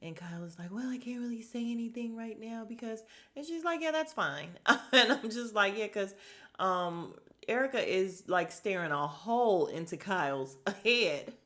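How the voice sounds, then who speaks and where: A woman casually recapping a reality show, retelling scenes and reacting loudly and bluntly, often laughing. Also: medium pitch, moderate pace. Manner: animated, swings between hushed retelling and loud outbursts.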